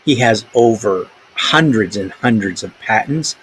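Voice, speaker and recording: A lower-voiced male teacher walks students through a history lesson in a relaxed, conversational way, with asides and filler words. Faint noise sits under the recording. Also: unhurried, poor audio.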